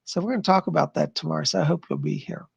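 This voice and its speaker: A middle-aged man with a strained, gravelly voice, chatting with viewers and leading a guided meditation on a live stream. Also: fairly high pitch, highs cut off. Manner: chatty, gentle, thanks viewers by name; slow soothing guidance in meditation. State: strained, worn voice. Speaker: psychic medium streamer.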